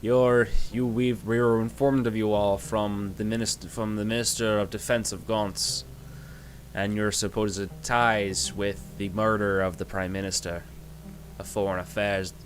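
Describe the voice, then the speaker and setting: A man voicing a gruff, foul-mouthed male dwarf who talks brash and rude in a tabletop game. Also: fairly low pitch, level tone, measured pace, faint music behind, natural voice. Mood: brusque.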